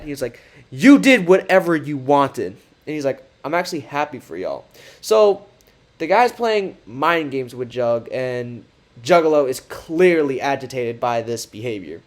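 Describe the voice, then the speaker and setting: A man giving casual commentary, reading out text messages in a sarcastic, mocking way. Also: medium pitch. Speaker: commentary creator.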